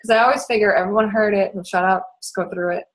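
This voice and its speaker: A young woman from the Boston area who talks very fast in a bubbly, chatty way as she coaches her team in a casual talk. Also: medium pitch, fairly even intonation. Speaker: network marketing fitness coach.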